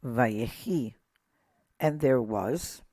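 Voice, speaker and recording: Guy teaching word pronunciation super slow, repeats every word, dry close sound. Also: mid-range voice, expressive, darkish tone, no room sound. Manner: repeats each word slowly, pointing out accent marks. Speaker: Hebrew teacher.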